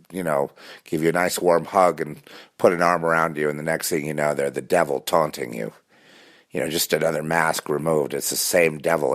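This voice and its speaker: Low-voiced man, intense rambling monologue, repeats himself and restarts a lot. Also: fairly bright tone. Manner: intense, insistent.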